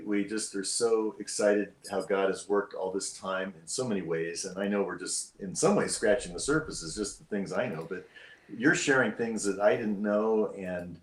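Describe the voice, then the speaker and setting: A man's voice: on the low side, reverberant, rough recording. A man joining a livestream as a guest, speaking earnestly about faith. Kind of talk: casual video call chat.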